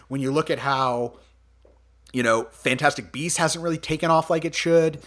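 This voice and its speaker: A man hosting a podcast, chatting casually about movies, animated, laughing often and swearing freely. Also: a little high, normal speed. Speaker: podcast host.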